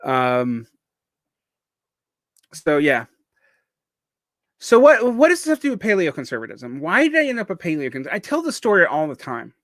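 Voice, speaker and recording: A man's voice: fairly high pitch, huge pitch swings, normal speed, long pauses, fairly bright tone, dry recording. A man of about forty, from the Southern United States, with a faint Southern accent and a speech impediment that blurs his r, l and w sounds, talking in a rambling, digressive vlog monologue full of restarts. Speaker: vlogger. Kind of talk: casual monologue.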